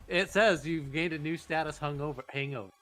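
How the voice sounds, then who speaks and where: Excitable young man playing a game. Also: fairly high pitch, fairly quick, soft background music. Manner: excitable, swearing, laughing often. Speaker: let's play host. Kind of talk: casual game commentary, reading game text aloud.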